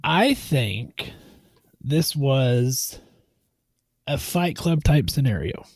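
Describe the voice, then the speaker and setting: A man's voice: mid-range voice, lively intonation, extremely slow, no room sound. A man co-hosting a podcast, discussing a movie in casual chat with a dry, matter-of-fact manner and steering the talk. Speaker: podcast co-host.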